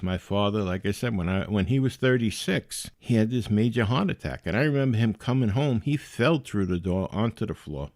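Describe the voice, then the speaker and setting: A man's voice: fairly low pitch, darkish tone, dry recording, clean studio sound. A man in his forties telling his own story in a casual way. He is wry and mocks himself, and he laughs at his own mistakes.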